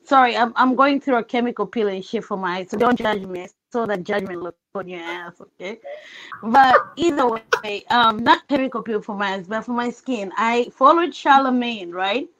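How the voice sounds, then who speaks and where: A woman's voice: fairly high pitch, normal speed, a bit bright, poor audio. A woman originally from Africa calling in to a live show, chatty, confident and candid. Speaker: caller.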